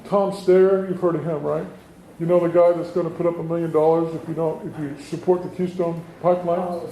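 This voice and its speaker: A state assemblyman in middle age addresses residents at a folksy town hall, leaning on rhetorical questions. His voice is a little high with a dark tone, and his delivery is brisk and level. The community meeting room sounds echoey, with faint noise in the background.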